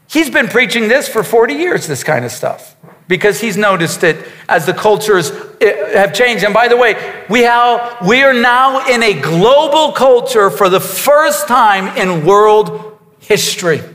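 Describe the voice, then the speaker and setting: A man's voice: high-pitched, a bit bright, big-room sound. A man preaching a sermon as a pastor, emphatic, with repetitions and asides to his congregation.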